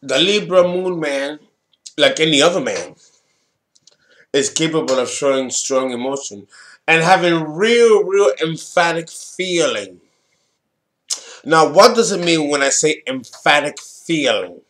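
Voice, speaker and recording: A man with a high, bright voice talks through astrology at an unhurried pace. He leans on words for emphasis and drops blunt, casual swearing into his points. He sounds like a solo presenter speaking straight to his audience. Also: expressive.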